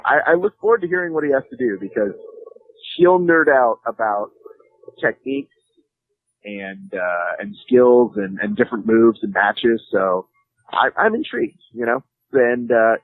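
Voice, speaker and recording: A man's voice: fairly low pitch, a bit bright, no echo, rough recording. A man guest in a casual interview, joking and rambling with frequent fillers. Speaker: podcast host and jiu-jitsu commentator, guest.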